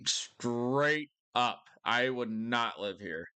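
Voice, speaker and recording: A young man doing casual live-stream commentary, rambling excitably and swearing a lot. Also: medium pitch, extremely slow, clear, resonant tone. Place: lives in a city in Missouri.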